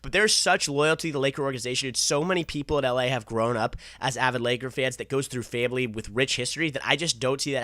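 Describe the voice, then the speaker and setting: A young man co-hosting a casual sports podcast, getting animated and fired up as he argues his point. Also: medium pitch, no room sound, clean studio sound. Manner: animated, gets fired up arguing. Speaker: podcast co-host.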